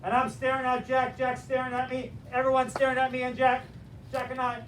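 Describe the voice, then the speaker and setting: A man teaching a class, telling a story in an animated, direct and motivational way. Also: extremely high pitch, fairly quick. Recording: distant mic with faint room noise.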